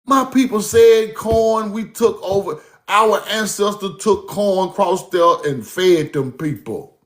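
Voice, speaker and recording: A man telling stories about his grandmother in a casual monologue. He is animated and profane, and he repeats himself for emphasis. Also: high-pitched, slow pace. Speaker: speaker recounting his grandmother's teachings.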